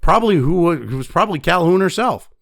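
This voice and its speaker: Profane, ranting man with lively pitch. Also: quick pace, creaky, no echo, studio quality. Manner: angry, heavily profane, blunt; reads news excerpts aloud between rants. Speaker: news commentator. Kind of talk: profane ranting news commentary.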